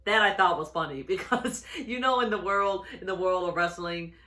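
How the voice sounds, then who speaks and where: Bright-voiced, chuckling casual reviewer. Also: medium pitch, moderate pace. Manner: rambling, with many fillers and restarts and frequent chuckles. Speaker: wrestling show reviewer. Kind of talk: casual episode recap.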